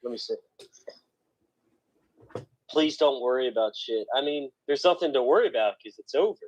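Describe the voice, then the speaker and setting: A man's voice: mid-range voice, expressive, normal speed, lo-fi sound. A man co-hosting a casual radio podcast, rambling gloomily with many restarts and fillers, with a faint East Coast accent. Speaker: podcast co-host. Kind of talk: casual chat.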